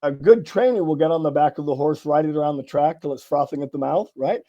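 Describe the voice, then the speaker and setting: A middle-aged man from California, a sales author and guest, telling lively stories in a casual interview and acting out the dialogue. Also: a little high, fast talker, dull audio. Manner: animated storyteller acting out dialogue, casual swearing. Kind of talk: conversational interview storytelling.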